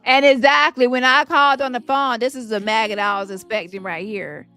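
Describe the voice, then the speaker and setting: A woman's voice: on the high side, fairly even intonation, brisk, bright, forceful tone, smooth, soft background music. A woman hosting a livestream, taunting a rival and turning to her viewers in heated reaction commentary. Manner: taunting, confrontational, addresses viewers directly. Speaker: livestream host.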